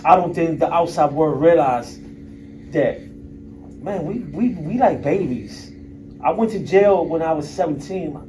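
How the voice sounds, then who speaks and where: A man in his fifties gives a frank talk at a university event, blunt and casual, with a bit of swearing. His voice sits slightly high for a man. The mic picks him up from some distance, with a faint hiss of background noise. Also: mellow. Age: 50s. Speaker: guest speaker. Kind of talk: candid personal talk to an audience.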